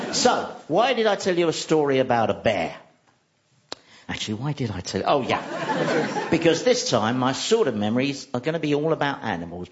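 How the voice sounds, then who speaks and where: A man's voice: mid-range voice, muffled recording, very noisy. Wry man, comic monologue. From central London. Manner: dry, wry, self-mocking. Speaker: comedian.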